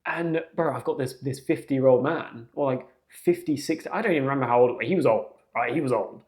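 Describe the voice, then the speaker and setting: A young man, hosting a podcast and telling a story in a casual, animated, slangy way. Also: medium pitch, fairly quick. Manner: animated, slangy, jumps into acted quotes. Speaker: podcast host.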